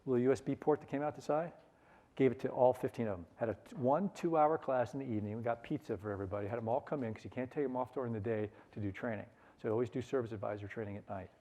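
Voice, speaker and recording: A middle-aged man leading a sales seminar, energetic and coaxing the audience to repeat phrases after him. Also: medium pitch, very fast. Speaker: sales trainer. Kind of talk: conference seminar talk.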